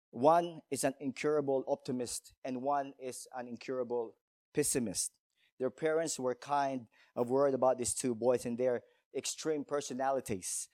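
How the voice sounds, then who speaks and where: A man's voice: medium pitch, warm tone, dry recording, clean studio sound. A male pastor preaching a sermon in a church, emphatic, telling stories and asking rhetorical questions.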